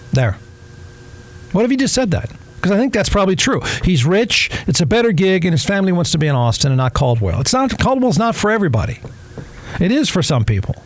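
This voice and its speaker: Snarky high-voiced male talk host. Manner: snarky, irreverent. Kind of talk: casual sports commentary.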